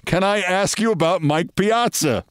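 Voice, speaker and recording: A man's voice: high voice, moderate pace, clear, resonant tone, no room sound, clean studio sound, pitched above the performer's own voice, lightly acted. A man putting on the voice of a friendly, curious male team owner within his story, speaking politely and asking questions.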